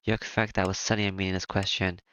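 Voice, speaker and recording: A man reading aloud and voicing a calm, formal young woman servant who speaks politely and in measured phrases. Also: deep voice, smooth, no room sound. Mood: reserved. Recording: music playing behind.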